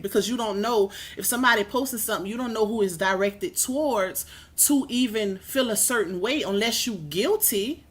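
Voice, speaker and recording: A woman hosting a casual livestream from her kitchen, talking to her viewers in a sassy, animated way. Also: a little high. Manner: sassy, animated, calls viewers "baby" and "y'all". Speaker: livestream host. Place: home kitchen.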